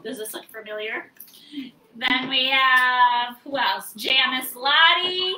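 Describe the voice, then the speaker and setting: A woman's voice: sits high, slow, bright, forceful tone, slight background noise. A woman hosting a live sale stream, chatting cheerfully as she mixes a drink. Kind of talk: casual live-stream chat. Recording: roomy echo, from a distance.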